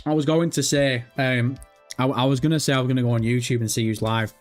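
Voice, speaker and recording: A young man hosting a live stream, chatting casually and excitedly, swearing often and nervous. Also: mid-range voice, fast, faint music behind. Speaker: livestream host.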